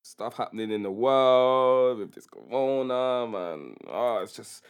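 Lively young man. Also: mid-range voice, unhurried, clean tone. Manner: animated, laughs often. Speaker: podcast co-host. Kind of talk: casual chat.

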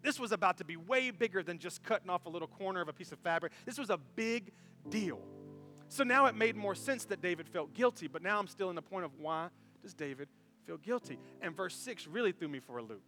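A man preaching a sermon as pastor, animated and conversational, full of rhetorical questions to the congregation. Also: high voice, brisk, soft background music.

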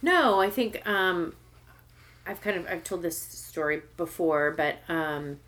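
A woman in her forties from Southern California, a shop owner telling her story as an interview guest in a chatty, lively way with many fillers. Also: lowish voice, slow.

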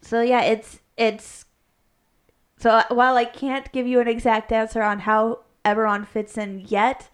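A chatty woman on a casual podcast, her voice sitting a little high for a woman. She rambles through game lore with frequent restarts and quick laughs. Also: flat delivery, clear, resonant tone. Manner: rambling, self-correcting, laughs often. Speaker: podcast co-host, game master. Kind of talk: casual chat.

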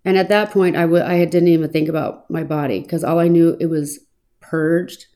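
A woman recounting her own past in an earnest, reflective personal testimony, pausing now and then with small fillers. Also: low voice, fairly even intonation, mellow. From Arizona, US.

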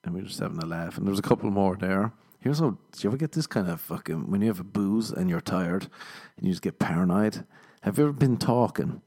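A male comedian riffs alone on his podcast in a deep, expressive, slightly mellow voice, talking quickly. The chat is casual and wandering, heavy on self-deprecation and profanity.

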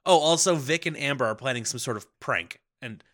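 A man co-hosting a podcast, recapping a film in casual chat and acting out characters in quick impressions. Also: medium pitch, a bit bright.

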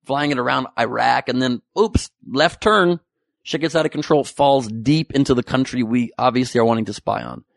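A man's voice: medium pitch, moderate pace, gravelly, no echo, studio quality. A man delivering a sarcastic, profane topical comedy monologue with rambling asides.

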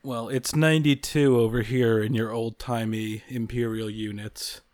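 A man's voice: mid-range voice, fairly even intonation, moderate pace, a little mellow, no echo. A man in a casual chat, wry and laid-back.

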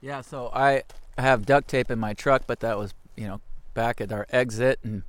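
Excitable male co-host, storyteller type, dry close sound, outdoor trip. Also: medium pitch, normal speed, no room sound. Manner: excitable storyteller, laughs often. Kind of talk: casual chat on a canoe trip.

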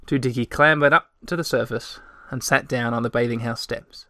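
Man narrating a storybook, gentle and measured, dry close sound. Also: mid-range voice, fairly even intonation, dry recording. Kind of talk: storybook reading.

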